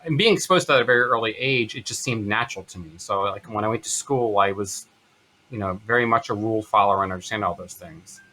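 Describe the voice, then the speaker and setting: Bright-voiced man in his fifties. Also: fairly low pitch. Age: 50s. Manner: earnest, halting, many fillers and restarts. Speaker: interview guest. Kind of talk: personal storytelling in conversation.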